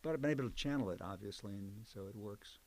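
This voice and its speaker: A man's voice: fairly low pitch, fast talker, a little mellow. An older man, a psychologist and professor, recalling his career in an oral history interview, speaking in a conversational, digressive way. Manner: conversational, digressive storyteller with fillers.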